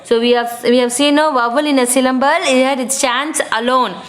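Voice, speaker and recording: A woman's voice: sits high, steady tone. A woman with an Indian English accent teaching an English lesson to children, reading words out one by one. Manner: slow, drawn-out word-by-word dictation to children. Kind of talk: classroom lesson.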